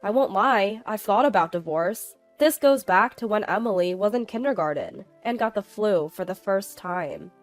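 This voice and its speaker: A woman narrating a personal family story in a calm, matter-of-fact, scripted first-person style. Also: medium pitch, normal speed, hardly any pauses, soft background music.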